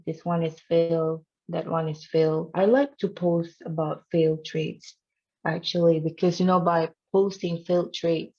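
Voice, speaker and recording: Slow-talking woman teaching trading, teasing. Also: on the low side, darkish tone, highs cut off. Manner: playful and teasing, laughing often; non-native English with simple grammar. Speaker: trading instructor. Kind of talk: casual online trading lesson.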